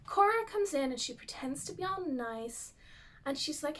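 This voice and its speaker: A woman with a high voice talks through a story in a loose, chatty recap. She keeps reaching for fillers and restarts as she goes. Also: animated, moderate pace, a bit bright. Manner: chatty, uses lots of fillers. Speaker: youtuber. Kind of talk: casual plot recap.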